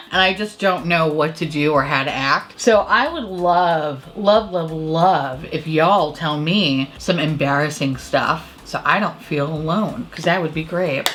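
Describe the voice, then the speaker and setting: A woman vlogger chatting while doing her makeup at home, telling an embarrassing story in an animated, self-mocking way. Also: sits low, a little hiss or hum. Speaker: beauty vlogger. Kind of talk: chatty get-ready-with-me storytelling.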